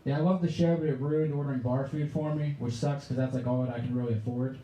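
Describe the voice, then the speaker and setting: A man's voice: mid-range voice, steady tone, fast talker, warm tone, reverberant, highs cut off, a little hiss or hum. A man in his twenties from the Pittsburgh area performing a sarcastic, ranting stand-up set. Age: 20s. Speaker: stand-up comedian. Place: comedy club stage.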